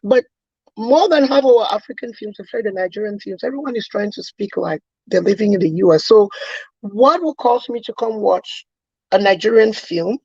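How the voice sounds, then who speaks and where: A woman's voice: medium pitch, brisk, dark tone, breathy edge, no room sound, highs cut off. A woman from Cameroon co-hosting a casual chat, making earnest, emphatic points and building her argument with questions. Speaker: co-host.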